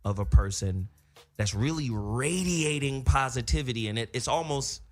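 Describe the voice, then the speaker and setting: A man hosting a talk show, riffing on tangents in a profane, animated way. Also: medium pitch, moderate pace, faint music behind. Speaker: podcast host. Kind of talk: casual chat.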